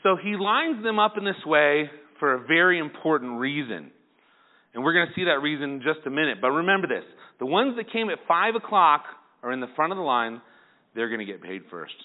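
A male pastor preaching a sermon, lively and acting out the people in the story. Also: fairly high pitch, fairly quick. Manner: animated, acts out the people in the story. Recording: tinny phone-like sound.

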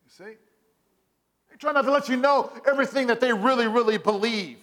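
A man's voice: very high voice, fairly quick, long reverb tail. A man preaching a sermon as pastor, telling stories with quoted voices and calling for "Amen" from the congregation. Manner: call-and-response preaching, asks "Amen?"; animated storytelling with quoted voices.

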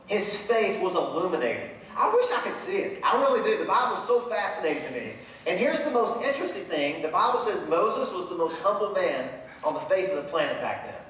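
High-voiced preacher in an echoey hall. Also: male voice, a little hiss or hum. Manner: animated preaching, acts out voices of Bible figures. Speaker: pastor. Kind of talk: sermon. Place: large church sanctuary. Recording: echoey church hall from far off.

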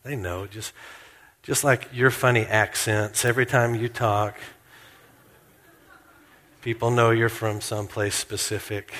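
A man preaching a sermon in a church, earnest and slowing down to stress key points. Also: fairly low pitch, steady tone, a bit bright, long reverb tail. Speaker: pastor.

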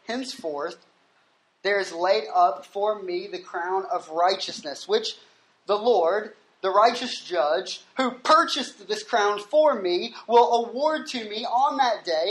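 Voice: mid-range voice, lively intonation, unhurried. A pastor preaching a sermon at a gathering on a university campus, reading scripture aloud and explaining it, with frequent "right?" checks.

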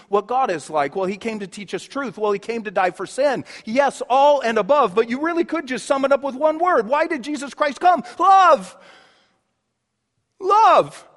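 A man preaching a sermon as a pastor, dropping to hushed tones and then rising into emphatic outbursts. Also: very high-pitched, big-room sound. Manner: swings from hushed intimacy to sudden emphatic outbursts.

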